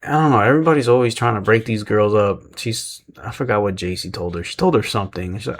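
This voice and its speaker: A man's voice: fairly low pitch, quick pace. A tired man giving a casual spoken recap as a show host, rambling, chuckling often and correcting himself as he goes.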